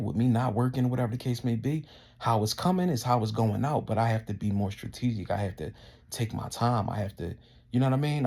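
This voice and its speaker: A man's voice: medium pitch, darkish tone, breathy edge. A man ranting heatedly and indignantly, full of profanity, his voice climbing as he gets worked up. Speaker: vlogger. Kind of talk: casual profane rant to camera.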